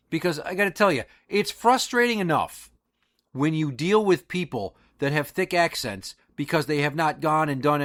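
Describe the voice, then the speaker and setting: A man's voice: on the high side, fairly bright tone. A man hosting a podcast, delivering an angry, profanity-laced monologue with emphatic outbursts. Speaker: podcast host.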